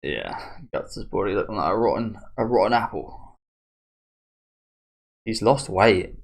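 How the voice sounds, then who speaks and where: A man with a deep voice and a gravelly fry at the ends of his phrases talks through a manga in a relaxed, chatty way. He muses aloud, circles back to restart his sentences and chuckles as he goes. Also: a little slow. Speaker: manga reaction host. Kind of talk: casual commentary while reading a manga.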